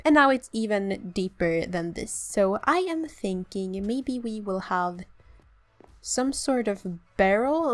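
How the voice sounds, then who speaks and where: A young woman with a Swedish accent, chatting casually as she walks through a build in a game. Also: medium pitch. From Sweden. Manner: chatty, self-deprecating, explains as she builds. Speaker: let's play host. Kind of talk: casual gameplay commentary.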